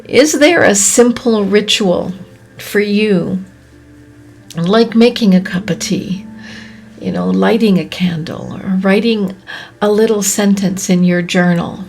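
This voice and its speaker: A woman hosting a podcast, speaking in a soft, often whispery, reflective way, her voice catching with emotion. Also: medium pitch, slow pace, gravelly, soft background music. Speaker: podcast host. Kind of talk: slow reflective monologue.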